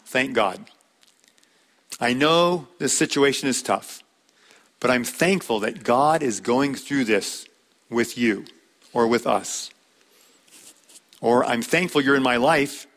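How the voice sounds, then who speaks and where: A man delivering a sermon from the pulpit. His voice sits at an ordinary middle pitch, and he speaks in measured, earnest phrases. He slows down to lean on the key words. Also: fairly bright tone. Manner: measured preaching with slow emphatic stresses. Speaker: pastor.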